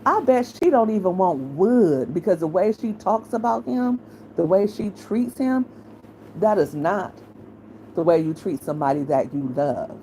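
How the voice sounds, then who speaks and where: A low-voiced middle-aged woman, opinionated and blunt, talking casually straight into the mic. Her tone is frank and conversational. There is a faint hiss of noise under her voice. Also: expressive, measured pace, dark tone, low-quality recording. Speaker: commentary channel host.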